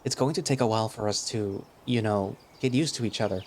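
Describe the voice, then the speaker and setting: A man's voice: on the low side, a little fast, a little mellow, a little hiss or hum. A man narrating a visual novel in the first person, in a casual, chatty way that turns hesitant in dialogue.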